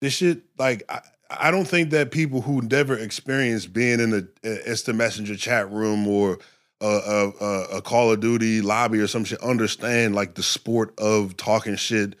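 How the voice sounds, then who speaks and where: A man's voice: on the low side, moderate pace. A man chatting casually on a podcast, telling loose, profane stories full of "yo" and "you know what I'm saying". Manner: loose, profane, animated storytelling. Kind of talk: casual chat.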